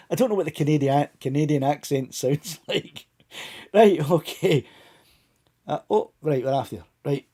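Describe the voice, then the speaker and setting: Man, live stream host, relaxed chatty delivery to his viewers, mellow husky tone. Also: a little high, moderate pace. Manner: chatty, talks straight to viewers by name. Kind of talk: casual live stream chat.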